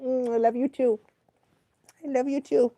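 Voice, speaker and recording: A woman's voice: sits high, little pitch movement, moderate pace, mellow. A woman dog trainer hosting a casual watch-along live stream, chatty and laughing often, cooing baby talk at a dog now and then.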